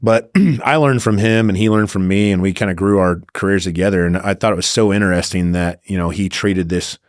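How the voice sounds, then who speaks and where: A man, a former undercover agent, talking in a reflective, measured way in casual conversation. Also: deep voice, fairly even intonation, no room sound, studio quality.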